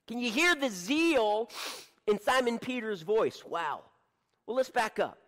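Animated male preacher, dramatic sermon delivery, lively pitch, long church-hall reverb. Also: measured pace. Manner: animated, rhetorical questions, acting out scenes.

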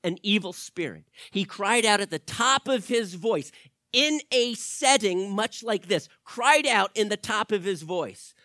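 A male pastor preaching a teaching sermon, swinging from loud emphasis to quiet asides and asking the audience questions. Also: sits high, lively intonation, measured pace, no room sound, clean studio sound. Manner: asks the audience direct questions.

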